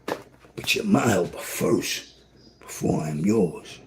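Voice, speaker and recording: A man preaching on a livestream, fiery and preachy, swinging from loud outbursts to a near-whisper. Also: sits low, slow pace, slight background noise. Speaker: livestream host.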